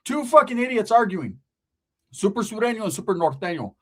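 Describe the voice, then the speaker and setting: Profane, animated male comedic storyteller. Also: sits high, a little fast, husky.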